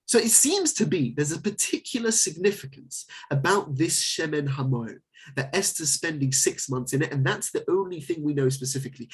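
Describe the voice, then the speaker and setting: A male rabbi giving a Torah class in an animated, joking way, with frequent exclamations. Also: on the high side, moderate pace, husky.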